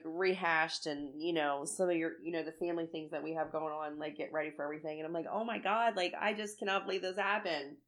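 A woman in casual chat, telling a story with lots of feeling, acting out what she said and cursing freely. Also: lowish voice. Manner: animated storytelling, acts out her own quotes, swears freely.

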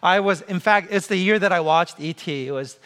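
A male pastor in his forties delivers a sermon like a conversation, asking questions and slipping in jokes. His voice sits fairly high for a man. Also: a little fast, a bit bright, clean tone. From came to the US as a child. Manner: conversational preaching with humor and rhetorical questions.

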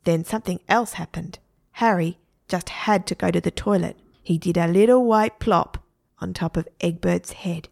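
A woman reading a children's story aloud in a lively, playful way. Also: fairly low pitch, normal speed, creaky.

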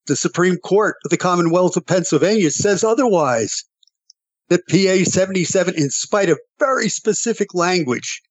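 A man on a political discussion panel, speaking in a measured, deliberate way with drawn-out emphasis. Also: on the high side, dry recording. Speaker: panel guest.

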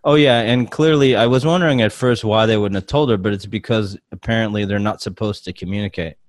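A man's voice: lowish voice, fairly quick, no echo. A man hosting a podcast, recapping episodes in a rambling casual way with many fillers. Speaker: podcast host. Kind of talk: casual chat.

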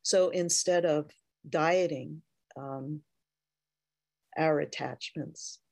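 A woman Zen teacher giving a dharma talk, speaking in a slow, reflective way with frequent pauses. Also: low voice, vocal fry, darkish tone, no echo.

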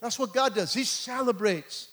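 A man's voice: very high voice, normal speed, a bit bright, breathy edge. A man preaching a sermon as a pastor, emphatic and conversational, pressing his points home.

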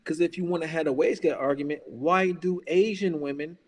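A man's voice: on the high side, fairly quick, a little mellow, long reverb tail. A man ranting in a heated, casual podcast chat. He is profane and emphatic, repeats himself and keeps saying "bruh". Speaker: podcast talker.

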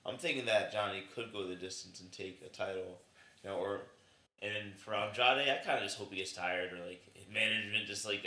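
A man's voice: lowish voice, a little fast, bright, forceful tone, reverberant. A man chatting casually on a podcast, rambling and swearing freely as he reacts to a wrestling match. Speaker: podcast co-host. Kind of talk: casual chat.

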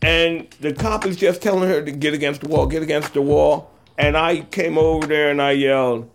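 A man's voice: a little high, steady tone, creaky. Reflective older man recalling a rescue. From California. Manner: halting, reflective, with pauses and fillers. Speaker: eyewitness storyteller. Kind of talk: personal story told in interview.

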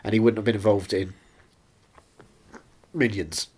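A man's voice: fairly low pitch, fairly even intonation, a little slow, a little mellow, husky. A man co-hosting a podcast in casual chat, rambling and joking with mock-grand asides. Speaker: podcast co-host.

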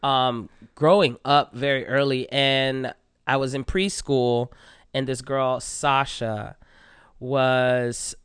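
A man who is a comedian and actor, chatting as a podcast guest, animated and giggly, often jumping into high playful voices. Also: slow pace, smooth, dry recording. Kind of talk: casual podcast chat.

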